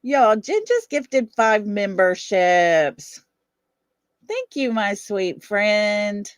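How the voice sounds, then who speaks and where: A woman's voice: mid-range voice, big pitch swings, very slow, no echo, studio quality. A middle-aged woman with a Southern US accent hosting a casual livestream chat, blunt, defiant and fiery. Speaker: livestream host.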